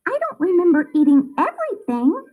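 Woman doing a high chirpy storybook squirrel girl. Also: wildly swooping pitch, fairly quick, narrow, tinny audio, exaggerated voice. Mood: worried. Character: small busy female squirrel.

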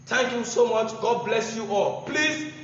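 In a combative, mocking political address, a Nigerian-accented man repeats phrases to drive his points home. His high voice is delivered flatly at a moderate pace, recorded in an echoey space with dull lo-fi quality and faint noise.

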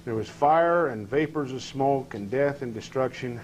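A man's voice: medium pitch, normal speed, a little hiss or hum, poor audio. Man teaching a scripture class. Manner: questions the class and reads verses aloud with rising emphasis.

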